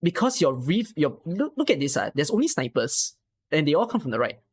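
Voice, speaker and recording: A man's voice: a little high, big pitch swings, brisk, breathy edge. A man, coaching a viewer through a game strategy on a live stream and asking frequent rhetorical questions. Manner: explains patiently with many rhetorical questions.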